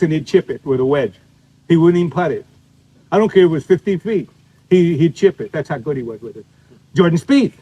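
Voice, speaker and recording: Older male golf instructor, folksy storyteller, husky and slightly high voice, outdoor clinic. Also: warm tone, rough recording. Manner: folksy, storytelling, demonstrating as he talks. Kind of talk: live golf clinic demonstration. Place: outdoor golf practice area.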